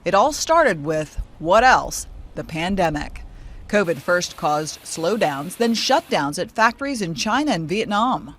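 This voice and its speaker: News correspondent reading a packaged report, steady and measured, mid pitch.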